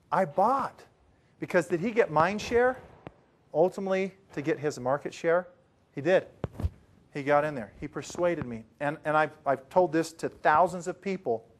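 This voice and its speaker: A male trainer with a fairly high voice speaks to a room of learners. He tells stories animatedly, dropping to a hush and then rising loud. He works a live training session. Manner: animated, swings from hushed to loud. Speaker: presentation trainer. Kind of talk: lively storytelling to a training group.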